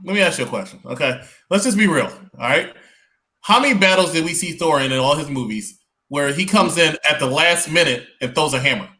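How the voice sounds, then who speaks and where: A man's voice: fairly high pitch, animated, brisk, sharp tone. A man co-hosting a casual review chat, arguing his point insistently. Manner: argumentative, insistent. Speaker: podcast co-host.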